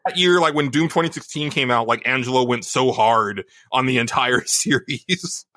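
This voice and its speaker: Bright, forward male co-host from Texas, chatty and rambling, dry close sound. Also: mid-range voice, no echo. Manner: rambling, many "like" fillers, quick bursts. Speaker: podcast co-host. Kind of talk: casual chat, reading listener messages. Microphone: video call.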